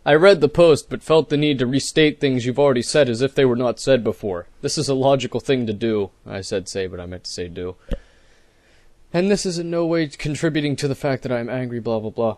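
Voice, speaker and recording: A young man giving a sarcastic, mock-dramatic reading of forum posts, swinging from exasperated shouting to low muttering between lines. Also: a little fast, no echo. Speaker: comedic reader of forum posts.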